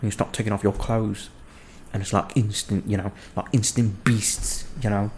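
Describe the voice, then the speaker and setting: A man's voice: on the low side, level tone, moderate pace, darkish tone, a little hiss or hum. A young man hosting his own web show from his living room, talking in a crude, self-mocking, rambling way. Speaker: host of a home web show. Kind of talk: casual rambling comedic monologue.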